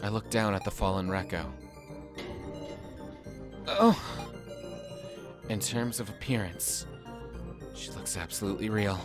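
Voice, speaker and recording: A let's play host reading the narration of a visual novel in a hushed, measured voice. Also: deep voice, steady tone, music in the background.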